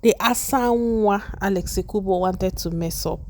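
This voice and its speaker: A woman talks through celebrity happenings in a chatty, gossipy voice-over. Her pitch sits in the middle range, and a faint hiss of noise sits under the recording. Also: normal speed. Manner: gossipy, conversational, opinionated asides.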